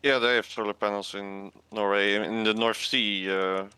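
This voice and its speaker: Crisp bright low-voiced man explaining. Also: fairly even intonation, normal speed, no echo. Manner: matter-of-fact explaining. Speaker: co-player in a multiplayer game. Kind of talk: casual gaming chat.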